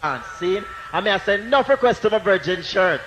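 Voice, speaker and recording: A man's voice: high-pitched, animated, fairly quick. A man with a Jamaican accent toasting live at a sound system dance, boasting and taunting a rival sound in patois chants. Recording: lo-fi live dance tape with loud music.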